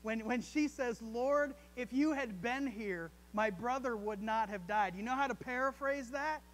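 A male pastor preaching a sermon, reading scripture aloud, with dramatic rises and soft drops. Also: extremely high pitch, measured pace. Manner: reads scripture aloud and repeats words.

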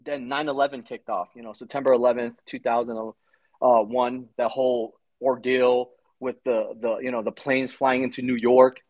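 A man's voice: medium pitch, flat delivery, moderate pace, dry recording, muffled recording. A man in his forties, a former Army Ranger, telling his story in a casual interview, blunt and swearing freely. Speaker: podcast guest, Army Ranger veteran.

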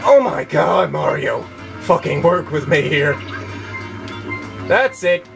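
A young man commentating his video game run in a slow, lively voice that pitches up as he gets frustrated. He swears at the game and keeps yelling at it. Game music plays clearly in the background. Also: rough recording. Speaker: let's play gamer. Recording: game music playing behind.

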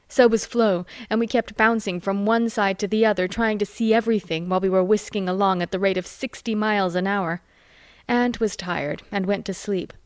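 A woman reading a novel chapter aloud with lively, expressive storytelling. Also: medium pitch, dry recording, clean studio sound. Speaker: audiobook reader.

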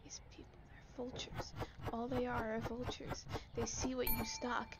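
A woman's voice: on the high side, little pitch movement, measured pace, muffled recording, slight background noise. A young woman giving casual gameplay commentary, sarcastic and exasperated, griping at customers and dropping into mutters. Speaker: gaming YouTuber.

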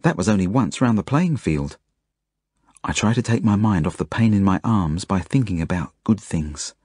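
An Australian man narrates his own novel as an audiobook, in the first person. His voice is low and husky, and the delivery is plain and earnest. The sound is dry and close. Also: animated, normal speed, a little mellow, no room sound.

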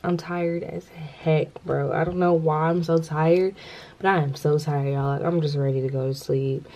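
A woman's voice: deep voice, fairly even intonation, moderate pace, mellow. A young woman talking casually to her viewers in a rambling, chatty vlog, often addressing them directly. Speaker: vlogger. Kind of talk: casual vlog talk to camera.

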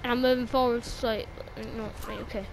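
A woman's voice: a little high, level tone, fairly quick, a little hiss or hum. A young woman commentating her own gameplay, exclaiming and swearing at the game and grumbling about lag. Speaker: gaming video creator.

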